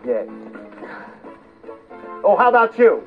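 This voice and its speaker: A giggling, scatterbrained Mad Hatter, with a high voice that swoops wildly between notes and an unhurried pace. He sounds fussy and eccentric. It comes through a tinny, lo-fi recording with faint music behind. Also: very animated, exaggerated voice. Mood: giggly. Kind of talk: theme-park character show with children.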